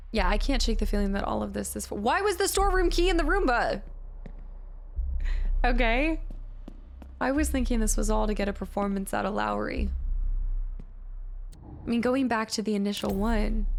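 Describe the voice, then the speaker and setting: A woman's voice: medium pitch, gravelly, slight background noise. A woman streaming a horror game live, chatting with viewers and reading on-screen text aloud as she plays.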